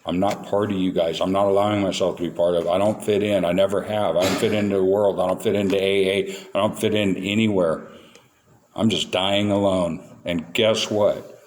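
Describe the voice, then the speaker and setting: Male meeting speaker, low register, candid storyteller with self-mocking humor, faint background noise. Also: fairly even intonation, moderate pace, darkish tone. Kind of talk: recovery talk to a meeting.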